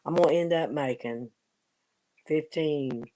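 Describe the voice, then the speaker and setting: Relaxed woman crocheting on stream. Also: deep voice, slow, dry recording. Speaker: crafter co-host. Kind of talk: casual chat while crocheting.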